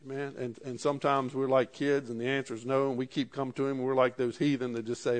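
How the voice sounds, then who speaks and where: A man's voice: medium pitch, little pitch movement, fast talker. A pastor preaching a sermon, reading scripture aloud and then driving his points home with rising emphasis.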